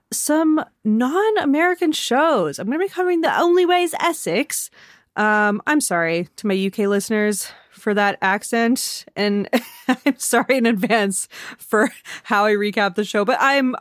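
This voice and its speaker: A woman's voice: medium pitch, dry recording, studio quality. A young woman hosting a podcast from her living room, chatting casually and self-deprecatingly with lots of "um" and "like". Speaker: podcast host. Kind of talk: casual chat.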